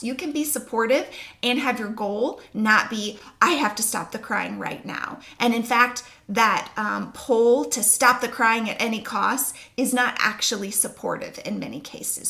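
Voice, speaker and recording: Brief: woman coach, slightly high voice with vocal fry, reassuring instructional delivery. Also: bright, forceful tone. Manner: reassuring, explains step by step. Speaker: sleep coach. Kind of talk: instructional talk to camera.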